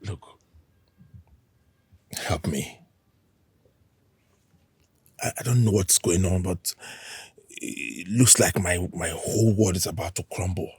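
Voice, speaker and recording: A hurt, stammering shop owner, Nigerian-accented. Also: male voice, low voice, animated, slow, long pauses, husky, no room sound, full character voice. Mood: anxious. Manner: shouts in anger, stammers when scared. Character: proud hurt male shop owner, scared. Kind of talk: film drama acting.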